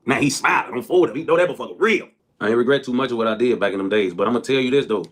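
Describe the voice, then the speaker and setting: A young man who tells stories and jokes on a live stream, animated and profane, saying "folks" constantly. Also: medium pitch, racing. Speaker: livestreamer. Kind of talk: storytelling and joking on a live stream.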